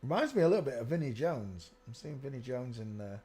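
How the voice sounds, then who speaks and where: A man's voice: mid-range voice, sing-song, a little fast, dark tone, slight background noise. A man hosting a live stream, talking casually in a rambling way and often telling viewers to look at pictures. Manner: rambling, keeps saying "look" while pointing at pictures.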